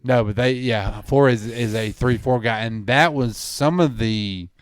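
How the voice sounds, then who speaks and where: A man's voice: mid-range voice, measured pace, no echo. A man co-hosting a casual sports podcast, chiming in with jokes and frequent laughs. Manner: jokey, laughs often while chiming in. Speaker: podcast co-host.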